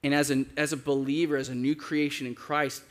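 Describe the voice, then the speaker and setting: Male pastor, fairly high voice, casual sermon delivery with acted-out quotes. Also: flat delivery, fairly quick. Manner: conversational, acts out quoted voices with big pitch jumps.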